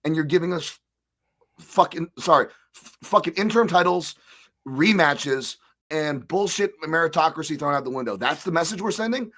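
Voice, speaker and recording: Bright-voiced indignant man. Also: on the high side, animated, normal speed. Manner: swearing, indignant. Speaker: panelist on a sports roundtable. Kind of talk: heated opinion.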